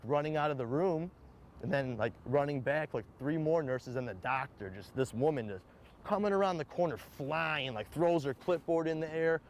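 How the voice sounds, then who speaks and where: A man's voice: on the high side, slight background noise. A young man telling his own story candidly, rambling with lots of "like" and acted-out quotes. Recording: played clip with loud background music. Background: music.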